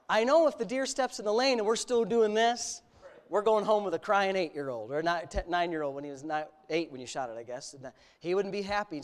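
A middle-aged pastor with a high-sitting voice preaches a sermon, first telling a personal story and then boldly exhorting his listeners with rising, loud emphasis.

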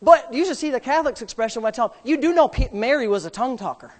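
Male pastor, high voice, emphatic sermon delivery with loud shouts and soft joking asides. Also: lively intonation, very fast. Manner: jokes with the congregation.

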